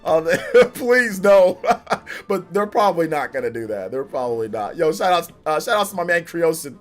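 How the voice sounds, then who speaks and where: A man's voice: fairly high pitch, very animated, normal speed. A man chatting casually on a live stream. He rambles and repeats himself, laughs often, and peppers his talk with slang like "bro" and "you know what I'm saying". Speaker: live streamer reacting to a game trailer.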